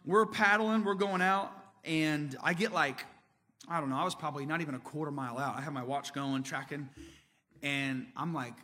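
A man's voice: a little high, normal speed, pushed and bright, big-room sound. A man from Indiana preaching a sermon as pastor, telling stories in a casual, conversational way. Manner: conversational, storytelling.

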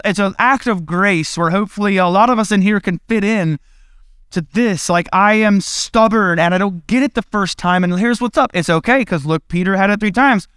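A man's voice: high-pitched, fairly bright tone, clear, resonant tone, no echo, clean studio sound. A man preaching a casual sermon to his congregation, retelling Bible stories in a playful, conversational way and laughing at his own retellings. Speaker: pastor.

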